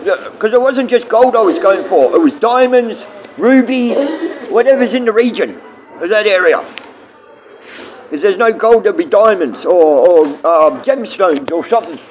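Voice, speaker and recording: A man's voice: high voice, expressive, normal speed, a little hiss or hum, rough recording. A man with an Australian accent streaming live, rambling bluntly and swearing often as he talks to his chat.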